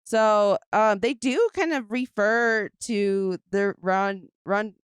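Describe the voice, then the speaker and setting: A woman's voice: mid-range voice, takes it slowly, clear, resonant tone, dry recording, studio quality. A woman hosting a podcast in casual chat, joking and laughing as she recaps a film's plot with lots of fillers. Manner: giggly, jokey, recaps the plot with many fillers. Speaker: podcast host; comedian.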